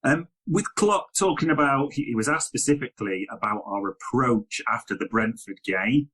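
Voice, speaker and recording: A man's voice: mid-range voice, normal speed, a bit bright, breathy edge, low-quality recording. A man hosting a podcast discussion, steadily leading the talk and putting questions to his guest. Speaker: podcast host.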